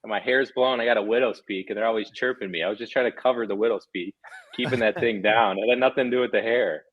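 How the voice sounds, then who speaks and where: Brief: lowish-voiced male guest in his thirties, quick self-mocking banter over a video call. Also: fairly even intonation. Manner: joking, self-deprecating banter. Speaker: guest, former pro hockey player. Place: living room at home. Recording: dull, lo-fi call audio.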